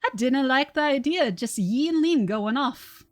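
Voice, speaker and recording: A woman voicing a small, booming male creature in a put-on Irish-Scottish brogue, bossy and jovial. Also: animated, normal speed. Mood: worried.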